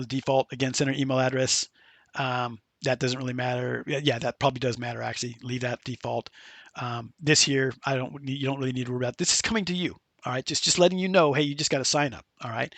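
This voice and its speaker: A man hosting a casual screen-share software tutorial, chatty and loose, with many fillers and restarts. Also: medium pitch, no echo. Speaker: tutorial host.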